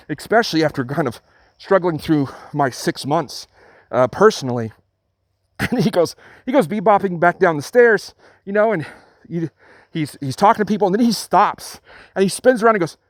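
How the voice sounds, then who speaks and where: A middle-aged man hosting his own channel, earnestly retelling an encounter with many halting restarts. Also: a little high, no room sound. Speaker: channel host. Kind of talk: storytelling vlog.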